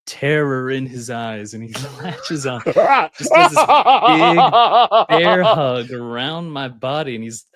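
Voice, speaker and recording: A man's voice: medium pitch, takes it slowly. A man guest on a podcast, telling stories casually and animatedly, laughing often. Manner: animated, laughs often, acts out voices in anecdotes. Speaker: guest, skydiving instructor. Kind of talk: casual storytelling.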